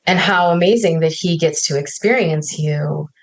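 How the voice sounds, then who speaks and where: A woman speaks in a thoughtful, reflective podcast conversation. Her voice sits a little low. She circles her points and tags them with "right?" as she goes. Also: normal speed, a little hiss or hum.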